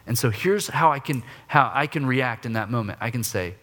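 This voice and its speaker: A man preaching, telling a personal story with lively acted-out outbursts and quiet, soft confession. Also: normal speed, hardly any pauses. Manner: animated storytelling, acts out his own griping in raised voice; drops low and soft for confession. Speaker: pastor.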